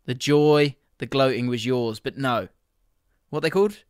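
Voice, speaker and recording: A middle-aged man with a London accent, co-hosting a casual football chat, self-mocking and quick to laugh at his own stories. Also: medium pitch, clean tone, dry recording, studio quality. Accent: London English. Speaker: podcast co-host.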